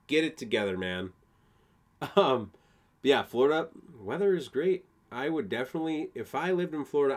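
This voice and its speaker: A young man from Wisconsin hosting a casual solo podcast, rambling and swearing a lot, laughing at his own jokes. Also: mid-range voice. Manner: profane, rambling, laughs often. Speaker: podcast host.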